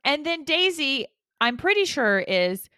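A woman's voice: sits high, sing-song, unhurried, sharp tone, no echo. A woman hosting a casual podcast, upbeat and laughing often as she gives out points. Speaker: podcast host. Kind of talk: casual chat.

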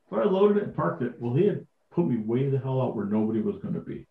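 A middle-aged man, a podcast guest, telling casual stories with lively acted-out dialogue and frequent laughs. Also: on the high side, quick pace, hardly any pauses. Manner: animated, acts out quoted dialogue, laughs often. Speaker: guest, vintage tractor collector. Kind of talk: casual anecdotal storytelling. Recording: echoey, dull lo-fi audio.

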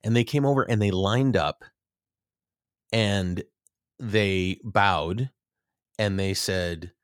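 A man's voice: on the low side, takes it slowly, clean tone, no echo, studio quality. A middle-aged man, an actor, telling rambling, self-deprecating stories in a casual interview, with many restarts.

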